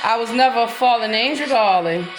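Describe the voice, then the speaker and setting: A woman's voice: fairly high pitch, brisk. A woman with a Black way of speaking, preaching in a defiant, confrontational monologue aimed at her accusers. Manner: breaks into gospel-style singing. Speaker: self-styled preacher. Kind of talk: impassioned monologue. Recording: roomy echo with music behind.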